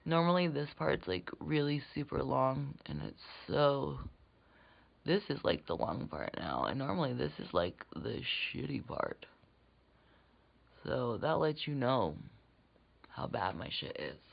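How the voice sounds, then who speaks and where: A woman's voice: a bass voice, sing-song, measured pace, vocal fry. A woman rambling through a casual makeup tutorial, swearing freely and slipping into whispered asides. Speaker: beauty vlogger. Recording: dull lo-fi recording.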